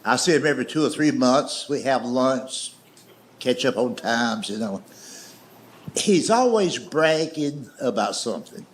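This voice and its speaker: Here a Southern American stand-up comic talks a little slowly, his medium-pitched voice full of lively intonation. He tells folksy, drawn-out stories peppered with dry asides, and the live recording picks up audience noise and laughter.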